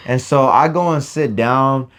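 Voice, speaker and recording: Young man, animated, profane slangy storytelling, casual podcast chat. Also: mid-range voice, unhurried. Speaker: podcast co-host.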